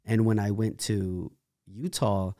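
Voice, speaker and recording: Animated young man telling stories. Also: fairly low pitch, takes it slowly, no room sound, clean studio sound. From California. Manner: animated storyteller with laughing asides and restarts. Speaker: interview guest, dancer. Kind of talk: casual interview storytelling.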